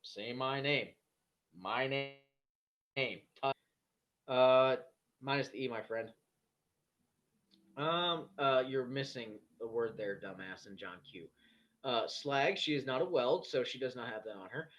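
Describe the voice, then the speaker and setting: A man's voice: medium pitch, a little slow, long pauses, fairly bright tone, a little hiss or hum. A man hosting a casual live stream, reading chat comments aloud and bluntly talking back to trolls with plenty of swearing. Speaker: livestream host. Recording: dull lo-fi stream audio.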